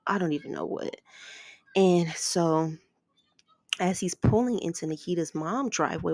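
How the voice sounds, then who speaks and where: Low, gravelly woman recapping a movie. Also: dry recording. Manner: rambling, strings events with "like" and "ends up".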